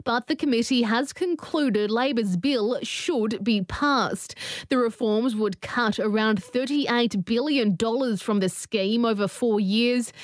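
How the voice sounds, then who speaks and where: A female reporter files a news report with steady, formal pacing. Her voice sits fairly high, recorded close and dry. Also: slow, no room sound.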